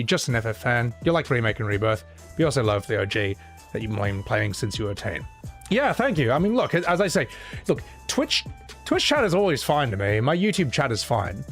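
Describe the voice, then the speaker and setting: Rambling male streamer chatting with viewers. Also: medium pitch. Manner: rambling, chuckling, lots of fillers. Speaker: streamer reading chat. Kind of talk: casual livestream chat.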